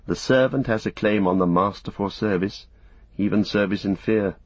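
A man steadily narrating an audiobook in a measured storytelling manner. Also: on the low side, slightly rough, no echo. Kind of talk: scripted narration. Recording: dull, muffled recording.

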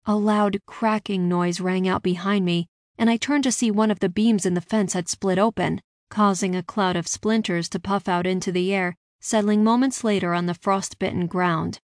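A woman reading a first-person fantasy story aloud with steady, expressive narration. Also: mid-range voice, normal speed, few pauses, no room sound, clean studio sound.

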